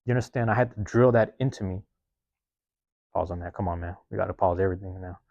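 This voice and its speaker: A man's voice: deep voice, quick pace, vocal fry, darkish tone, dry recording, muffled recording. A man hosting a podcast in a casual monologue, profane and rambling, often checking in with his listeners. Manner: profane, rambling, streetwise talk; self-reflective, keeps checking in with listeners. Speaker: podcast host.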